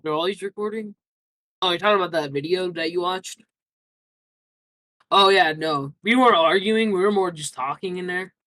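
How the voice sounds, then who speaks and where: A man's voice: sits high, moderate pace, pauses often, sharp tone, poor audio. A young man answering interview questions casually, rambling through a story with lots of fillers and restarts.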